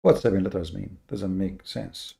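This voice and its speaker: With a low, gravelly voice, a male host delivers a monologue like a lecture. The tone is mellow and dark; he stresses key words slowly and deliberately, tripping over fillers and repeating words.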